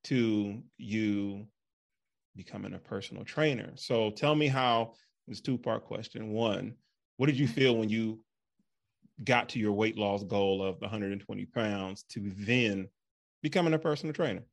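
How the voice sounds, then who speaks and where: Podcast host guy, lowish voice, rambly casual chat, lots of you know. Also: unhurried, vocal fry. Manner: relaxed, rambling, many fillers and restarts.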